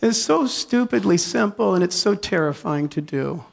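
A man preaching a sermon, telling a story with lively acted-out inner dialogue and frequent laughter, then leading a prayer. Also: high voice, moderate pace, vocal fry, slight background noise. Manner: animated, acts out inner dialogue, laughs often. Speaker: pastor.

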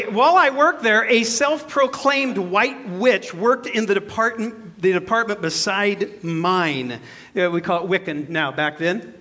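A man in his fifties, a pastor preaching a sermon and telling a personal story in a jokey, self-deprecating way. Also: sits high. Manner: animated, shifts between loud and soft.

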